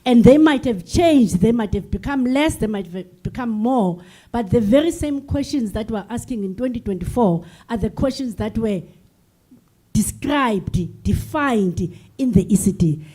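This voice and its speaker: An older woman from South Africa speaks from the floor of a public forum, earnest and emotional, and she circles back to her points. Her voice sits a little high but sounds dark and mellow. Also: lively intonation, measured pace. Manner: earnest, emotional, repeats herself. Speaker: sector delegate at a forum. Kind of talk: impassioned floor address. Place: large conference hall.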